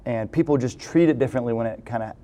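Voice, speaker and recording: Relaxed man with a mellow voice. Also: medium pitch, fast talker, dull audio. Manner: relaxed, rambling, many "you know" fillers. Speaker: podcast host. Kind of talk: casual interview chat.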